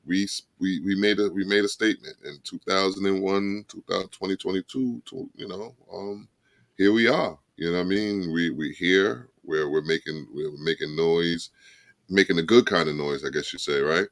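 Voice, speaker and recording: A man co-hosting a podcast, talking in a reflective, halting way with many restarts. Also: low-pitched, a bit bright, dry recording. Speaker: podcast co-host. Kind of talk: casual podcast chat.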